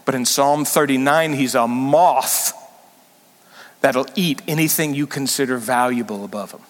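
Animated preaching pastor in a reverberant hall. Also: male voice, mid-range voice, measured pace. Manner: animated, emphatic preaching with sudden loud rises. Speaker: senior pastor. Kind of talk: sermon.

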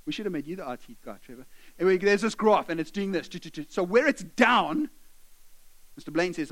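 A man's voice: high-pitched, brisk, poor audio. A man preaching a sermon, telling stories and acting out characters. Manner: animated storytelling, acting out characters. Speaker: pastor.

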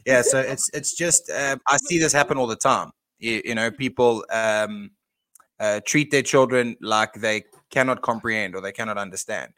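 A blunt man talking on a podcast as a guest, at an ordinary pitch. His recording is dry and close, with no room sound, and he restarts his words often. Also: normal speed, pushed and bright, no echo. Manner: blunt, repeats words as he talks. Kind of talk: casual podcast chat.

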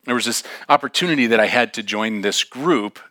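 Man, pastor, storytelling sermon, conversational, acts out dialogue, bright forceful tone. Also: mid-range voice, fairly quick, no room sound. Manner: animated, acts out dialogue in raised voices; casual and conversational with frequent fillers.

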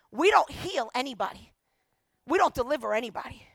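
Animated high-voiced woman pastor preaching. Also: fairly quick, vocal fry, dry recording. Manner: animated, acts out quotes, emphatic repetition. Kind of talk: sermon storytelling.

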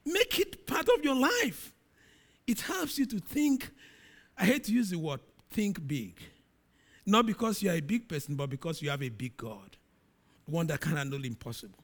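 A middle-aged man preaches a sermon in a high voice. His pitch swings widely as he reads scripture with dramatic emphasis, rising loud and then falling quiet. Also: sing-song, moderate pace.

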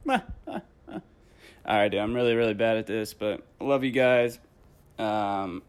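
A man's voice: on the low side, clean tone. A man leaving a profane, trash-talking voice message. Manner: slow, drawling, profane trash talk.

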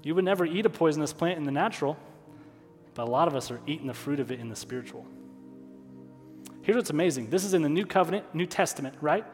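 Male pastor mid-sermon, voice on the higher side, earnest and emotional, repeats lines for weight. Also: lively intonation, quick pace, pauses often, a little mellow, soft background music. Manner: emotional, stops to apologize and regroup; repeats key phrases for emphasis. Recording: long hall reverb.

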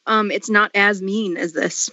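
A woman's voice: mid-range voice, steady tone, unhurried, sharp tone, dry recording, highs cut off. A woman hosting a podcast in casual chat, giggly and self-deprecating. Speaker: podcast host.

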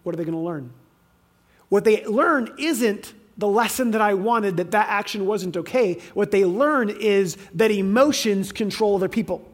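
A man's voice: high-pitched, normal speed. A man preaching a sermon, with emphatic swings in volume and frequent restarts. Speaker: pastor.

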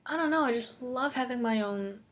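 A woman's voice: on the high side, fairly quick. A woman hosting a solo podcast, chatting casually and rambling, laughing often as she talks. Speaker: podcast host. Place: lives alone in Amsterdam.

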